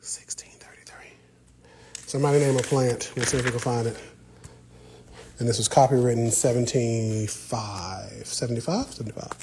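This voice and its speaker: A man's voice: medium pitch, fairly even intonation, moderate pace, dark tone, a little hiss or hum, poor audio. A man hosting a casual live stream from inside a library, talking with viewers in a playful, teasing way. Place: indoor library.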